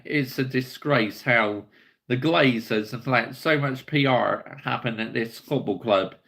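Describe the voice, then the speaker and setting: A man's voice: mid-range voice, pushed and bright. A young man hosting a football fan channel, ranting in blunt, heated commentary and swearing freely.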